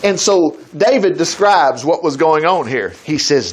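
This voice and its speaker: A man preaching, his voice pitched high and swooping all over as he talks. He reads Bible verses slowly, then breaks off into folksy asides and bursts of praise. His delivery stays lively and expressive throughout. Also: husky. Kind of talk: sermon reading scripture aloud.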